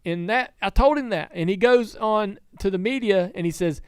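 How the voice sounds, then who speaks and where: A man with a high-sitting voice and lively intonation hosts a casual studio talk show, speaking at normal speed with no echo. A podcast host and team owner, he tells rambling stories and restarts often.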